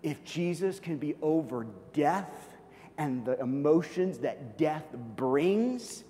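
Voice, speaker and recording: A man's voice: lively intonation, slow pace, slight background noise. Man preaching in a reverberant hall. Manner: dramatic, swings from loud and high to soft and hushed. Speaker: pastor. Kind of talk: sermon.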